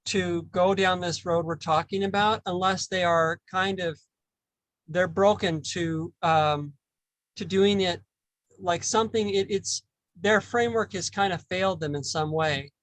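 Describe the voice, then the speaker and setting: A man hosting a casual spiritual discussion, talking haltingly and repeating words as he thinks. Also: high voice, fairly bright tone, no echo, rough recording. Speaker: podcast host.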